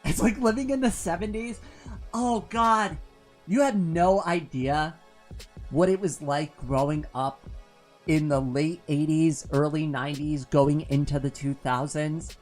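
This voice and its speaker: A woman in her forties laughs often and rambles with many fillers as she casually chats through viewer comments on a live stream. Her low, mellow voice is a little slow, and faint music plays behind it.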